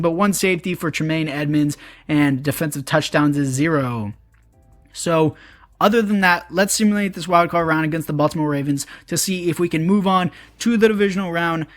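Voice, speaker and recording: Young man, casual game commentary, chatty, upbeat, slightly high voice, dry close mic. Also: fairly bright tone, dry recording. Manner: chatty, upbeat, addresses viewers as boys. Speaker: gaming YouTuber.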